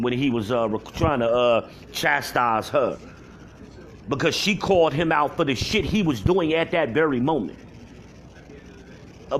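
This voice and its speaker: Angry yelling man ranting at home. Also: medium pitch, a little hiss or hum. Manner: yelling, heated, profane. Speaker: vlogger. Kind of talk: angry rant to camera. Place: at home alone.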